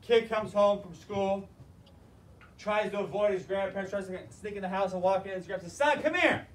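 A male teacher giving a classroom lecture on leadership and telling stories in an animated, emphatic way. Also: high voice, normal speed. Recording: roomy, distant mic, faint noise.

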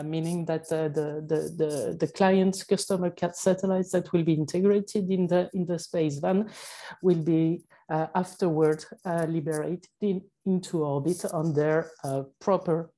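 A woman with a French accent giving a conference presentation, speaking haltingly with many fillers and self-corrections. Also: sits low, steady tone, mellow, rough recording. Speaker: panel speaker.

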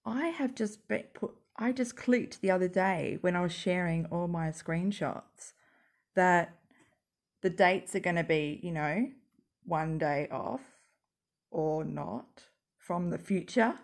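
A woman with a croaky voice rambling sarcastically at home while smoking, as a YouTube commentator. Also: lowish voice, slow pace. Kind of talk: rambling casual monologue.

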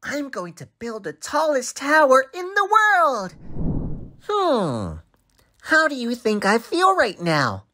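A woman voicing a cheerful young cartoon boy who narrates a social story and asks the children watching questions, in a bright, sing-song, exaggerated way. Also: high voice, wildly swooping pitch, slow, a little hiss or hum, heavily acted.

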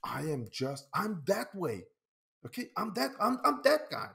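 A man, his voice sitting high for a man. He rants at an unhurried pace, swearing freely and stumbling over repeated words as he restarts his sentences. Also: wildly swooping pitch, creaky, pushed and bright. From Denmark. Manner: swears often. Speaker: pinball YouTuber. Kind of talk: casual vlog rant.

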